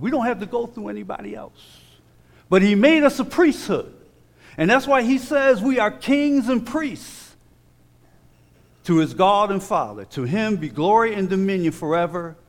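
A man preaching in a voice pitched a touch high, his words trailing off into a long hall reverb. He slows right down and leans on the scripture he reads. Between readings he drops into loose, stop-start asides to the people in front of him. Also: gravelly. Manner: conversational asides with repeated restarts. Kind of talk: sermon.

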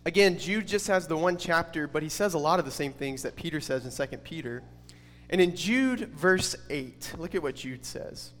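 A man's voice: fairly high pitch, expressive, normal speed, fairly bright tone, big-room sound. A man teaching a Bible study in a conversational way, with casual fillers and rhetorical questions.

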